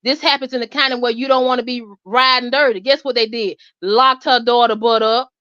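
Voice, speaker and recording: Woman, high voice, animated gossipy storytelling, dry muffled recording. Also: fairly quick, no room sound. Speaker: host. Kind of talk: casual storytelling chat. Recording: dull lo-fi sound.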